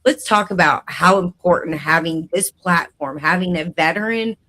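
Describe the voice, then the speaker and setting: A man hosting an interview show, speaking gently and affirming his guest. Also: high-pitched, normal speed, rough recording. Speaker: host.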